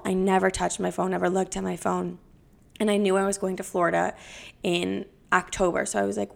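A young woman hosting a podcast and talking casually, with lots of swearing and "like" fillers. Her voice has a gravelly, fry-heavy texture. She sits at a middling pitch for a woman. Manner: profane, confessional, chatty with frequent "like" fillers. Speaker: podcast host and comedian. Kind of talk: casual storytelling.

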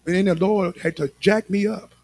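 High-voiced man preaching a sermon. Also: fairly even intonation, moderate pace, a little mellow, breathy edge. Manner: emphatic preaching with repetition, addressing congregation directly. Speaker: pastor.

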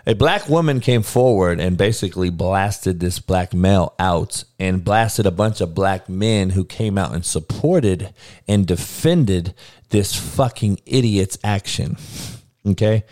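A man's voice: deep voice, animated, measured pace, darkish tone. A man hosting a show, delivering an irritated, profane, blunt ranting monologue. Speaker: show host.

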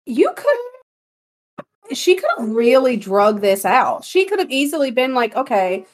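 Telling a story on the podcast she co-hosts, a woman chats casually with animated, giggly energy, her fairly high voice swooping all over. She bosses her partner around playfully, and her pace is a little slow.

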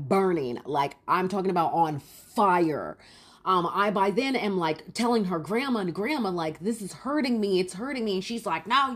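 A woman telling a personal story in a casual, rambling way, full of fillers, asides and emphatic repeats. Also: on the low side.

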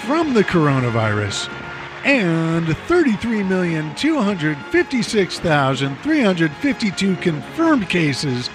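A man hosting a casual talk show, reading out figures and riffing wryly. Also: on the high side. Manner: wry, conversational, reads figures then riffs. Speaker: host.

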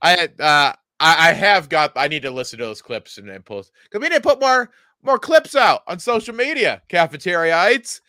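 A man co-hosts a comedy podcast, making wry asides. His voice is bright and edgy and pitched a bit high. The recording is close and dry. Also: big pitch swings, normal speed, dry recording. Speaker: podcast co-host. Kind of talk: casual comedic podcast banter.

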